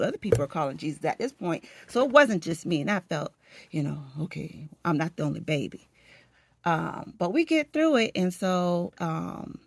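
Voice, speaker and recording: A woman vlogger chatting casually as she gets ready for work at home, telling a story in an animated, dramatic way with laughs. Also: on the low side, no echo.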